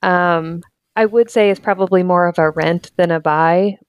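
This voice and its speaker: A woman's voice: fairly low pitch, fairly even intonation, moderate pace, smooth, no room sound. Earnest American woman podcast guest. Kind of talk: casual chat.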